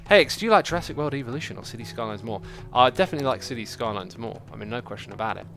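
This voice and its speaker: A man giving casual, chatty livestream commentary while building a city in a game, reacting out loud to it and answering chat. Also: medium pitch, lively intonation, vocal fry. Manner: chatty, talks to the game and to chat, quick exclamations. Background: faint background music.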